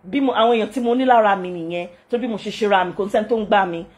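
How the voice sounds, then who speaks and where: A woman's voice: mid-range voice, very fast. A middle-aged Nigerian woman with a Yoruba-inflected accent, hosting a casual vlog and talking indignantly, switching between English, Pidgin and Yoruba. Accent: Nigerian, Yoruba-speaking. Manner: animated, mixing English, Pidgin and Yoruba, frequent laughter, indignant. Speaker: channel host.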